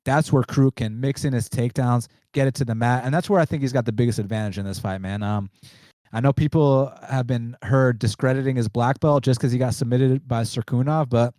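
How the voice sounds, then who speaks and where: A man co-hosts a fight betting show and lays out his pick in a laid-back, slangy way. His voice sits at a middle pitch. The recording is dry and close, with no room sound. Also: steady tone, a little fast, warm tone, no echo. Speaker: co-host, betting analyst. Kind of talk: casual betting analysis chat.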